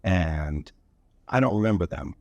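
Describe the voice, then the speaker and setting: Low-voiced man panelist, earnest and reflective, dry close sound. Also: lively intonation, no room sound, highs cut off. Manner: earnest, thoughtful, halting. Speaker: panelist actor.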